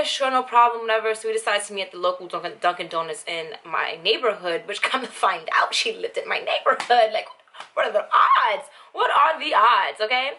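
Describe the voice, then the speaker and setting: A young woman vlogger telling a story in a bright, clear voice. She talks bluntly and with animation, and fills her sentences with "like". Her pitch sits in an ordinary middle range. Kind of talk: casual storytime monologue.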